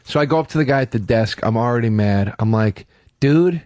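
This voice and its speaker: A man's voice: lowish voice, quick pace, dry recording, studio quality. Man ranting through a comic travel story. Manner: animated storyteller who acts out his own yelling. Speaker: co-host. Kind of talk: comedic podcast storytelling. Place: radio studio.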